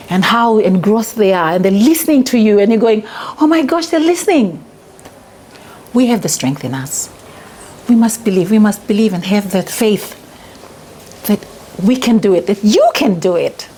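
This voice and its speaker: A woman's voice: mid-range voice, slight background noise. A woman giving an earnest, reflective testimonial about a retreat in an interview. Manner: earnest, reflective, laughs when excited.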